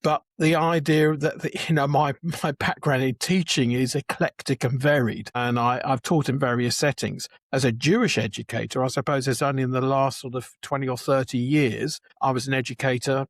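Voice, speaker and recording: A man's voice: medium pitch, steady tone, normal speed, few pauses, dry recording, studio quality. A man in his seventies, a Jewish educator, chatting as a guest and telling stories with restarts and chuckles. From England. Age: 70s. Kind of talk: conversational interview.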